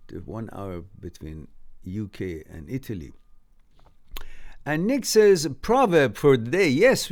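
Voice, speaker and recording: A man's voice: mid-range voice, a little mellow. A man from Canada hosting a live stream, reading viewer comments aloud with chuckles and upbeat asides. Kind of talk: casual live-stream chat.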